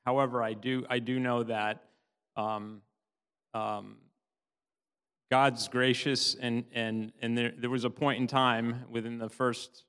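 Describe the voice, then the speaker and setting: A middle-aged man giving a tearful, halting personal testimony in church. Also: medium pitch, little pitch movement, fairly bright tone, clean tone. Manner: halting, many restarts, laughs often. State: tearful, sobbing at times. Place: church hall. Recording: long hall reverb.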